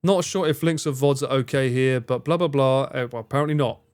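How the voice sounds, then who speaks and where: A man's voice: medium pitch, a little fast, a little mellow, clear, resonant tone. A man chatting casually on a live stream, rambling and swearing now and then as he reads out and answers viewers' messages. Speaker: livestreamer reading and answering chat.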